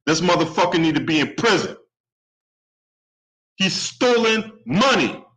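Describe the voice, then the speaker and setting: A man's voice: sits high, sing-song, unhurried, a bit bright, poor audio. A man delivering an angry solo sports and politics commentary rant, heated and profane, and often tagging his points with a questioning "right?". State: openly angry.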